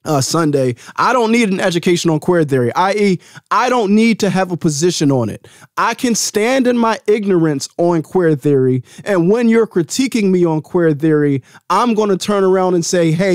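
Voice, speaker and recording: A man's voice: normal speed, dry recording, studio quality. Heated, profane man ranting solo. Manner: drops to a low calm voice to settle himself. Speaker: host. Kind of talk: solo podcast rant.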